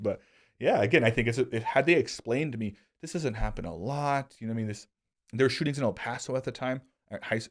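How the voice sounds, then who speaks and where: A man in a casual podcast conversation, telling earnest, reflective stories about his own past. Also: mid-range voice.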